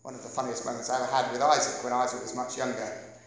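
A man in his thirties with an English accent preaching a sermon, animated and joking with the congregation as he goes. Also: mid-range voice, quick pace, vocal fry. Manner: animated, jokey asides to the congregation. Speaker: pastor. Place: church hall. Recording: echoey church hall.

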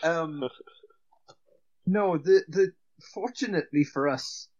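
A man's voice: a little high, takes it slowly, darkish tone, highs cut off. A man co-hosting a casual film-review chat, hesitant, full of fillers and restarts, swearing casually. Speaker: podcast co-host.

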